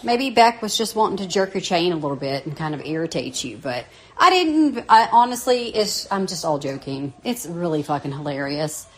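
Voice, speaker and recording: A woman's voice: lowish voice, animated, normal speed, few pauses. Blunt, swearing Southern US woman. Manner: blunt, profane, joking. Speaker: listener leaving voicemails. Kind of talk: casual voicemail rant.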